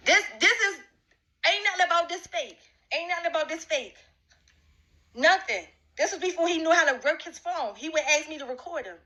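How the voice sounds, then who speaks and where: A woman speaks to camera in a confrontational rant, aiming accusation after accusation at a man. Her voice sits high for a woman and sounds bright and sharp. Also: animated, a little fast, rough recording. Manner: repetitive, accusing, talks straight at one man. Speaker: vlogger addressing a rival.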